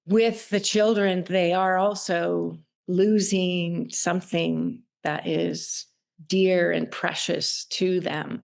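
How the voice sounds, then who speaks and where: Middle-aged woman guest, candid and reflective, halting delivery. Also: lowish voice, gravelly. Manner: emotional, reflective, halting with restarts. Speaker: podcast guest. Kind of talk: candid personal conversation.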